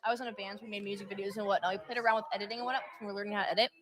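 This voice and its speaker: A woman's voice: medium pitch, flat delivery, very fast, a bit bright. A woman guest chatting on a livestream, telling rambling stories with giggles. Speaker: stream guest. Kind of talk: casual group chat on a livestream.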